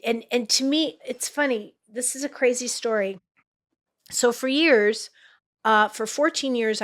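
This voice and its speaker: A middle-aged woman from Los Angeles, an acting teacher and coach, telling stories in a podcast interview and acting out quotes in a high, excited voice.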